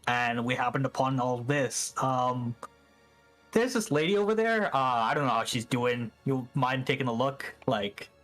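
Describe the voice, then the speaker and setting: A man's voice: expressive, unhurried, a bit bright, soft background music. A man playing an awkward, hesitant adventurer. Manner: hesitant, filler-heavy, rising pitch. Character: awkward blunt adventurer, bad with people. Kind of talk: in-character tabletop role-play.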